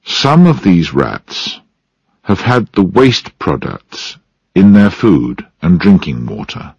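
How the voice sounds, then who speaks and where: Measured male factory scientist, man reading him, very slow, dry sound. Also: low voice, sing-song, darkish tone, husky, no room sound, lo-fi sound, full character voice. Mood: explaining.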